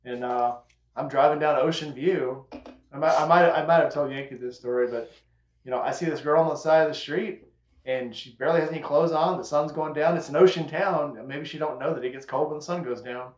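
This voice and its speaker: A man's voice: on the high side, fairly quick. A man hosting a casual chat, telling a long story and acting out the quotes with a drawl. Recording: echoey room, dull lo-fi sound.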